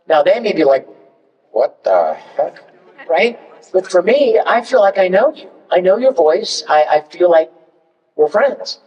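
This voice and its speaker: Animated man telling panel stories. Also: high voice, normal speed. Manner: animated, chatty storytelling. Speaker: voice actor on a convention panel. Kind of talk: convention panel talk. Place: large convention hall. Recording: echoey hall from far off, muffled.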